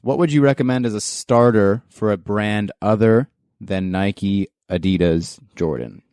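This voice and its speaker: A man's voice: lowish voice, measured pace, darkish tone, clean tone, no room sound, clean studio sound. A man hosting a casual podcast, chatty and laid-back, laughing often. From Canada. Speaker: podcast host.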